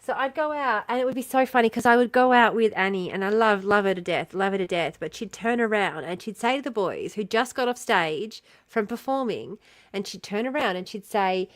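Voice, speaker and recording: A woman's voice: medium pitch, brisk, dry recording. An Australian woman chatting casually as a podcast host, telling stories with lots of swearing and laughter. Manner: animated storytelling, swears often, laughs a lot. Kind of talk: casual chat.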